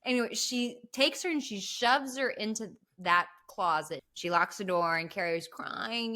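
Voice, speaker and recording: Woman podcast host, bright tone, animated casual film recap with the odd curse. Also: medium pitch, a little slow, hardly any pauses. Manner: animated storyteller, swears casually. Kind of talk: casual movie recap chat.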